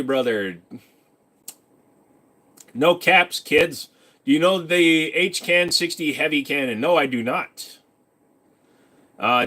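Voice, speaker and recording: A man's voice: high-pitched, pushed and bright. A young man hosting a casual live stream, reading questions from chat aloud and answering them in a rambling, joking way.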